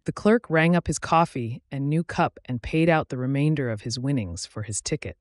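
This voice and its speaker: A man narrating his own story like an audiobook, reading at a measured, steady pace. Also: medium pitch, dry recording, studio quality.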